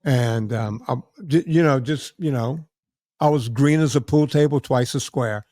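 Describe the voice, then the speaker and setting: A middle-aged man hosting a podcast, telling a lively story and acting out the other people's lines. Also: mid-range voice, unhurried, no room sound, clean studio sound. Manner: animated storyteller acting out quoted voices. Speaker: podcast host. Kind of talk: casual storytelling chat.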